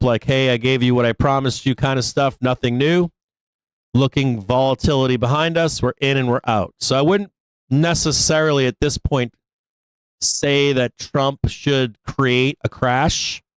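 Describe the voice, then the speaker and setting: A man hosts a live stock market stream, talking through charts in a casual, rambling way full of fillers and swearing. His voice is smooth and clear at a middle pitch. The sound is close and dry. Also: no echo, low-quality recording. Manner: rambling, profane, fast bursts with many fillers. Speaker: stock market show host. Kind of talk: casual live trading commentary.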